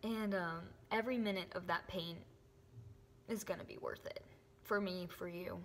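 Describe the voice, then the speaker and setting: A young woman gives an earnest, emotional faith testimony to camera, often dropping to a soft whisper. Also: fairly low pitch, normal speed, a little hiss or hum. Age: young adult. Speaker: faith vlogger. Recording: echoey room with long reverb.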